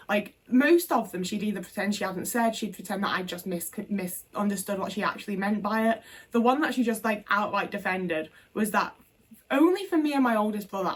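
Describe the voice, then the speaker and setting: A young woman speaks candidly to her camera, telling personal stories in loose, everyday speech full of fillers and the occasional curse. Her voice sits at a middling pitch and sounds a little removed from the microphone. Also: distant mic. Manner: frank and conversational, with casual swearing and many fillers. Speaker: vlogger.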